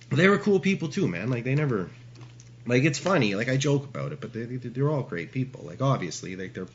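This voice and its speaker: Rough-talking man, bright lo-fi sound. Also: mid-range voice, big pitch swings, moderate pace. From Canada. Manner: rambling, heavy swearing, frequent laughs. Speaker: interview guest. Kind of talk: casual storytelling. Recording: dull lo-fi with faint hiss.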